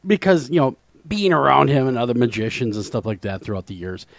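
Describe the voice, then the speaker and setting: Brief: man as host, lively pitch, close and dry. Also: fairly quick, vocal fry, no echo. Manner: listening, with frequent affirmations. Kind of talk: casual interview.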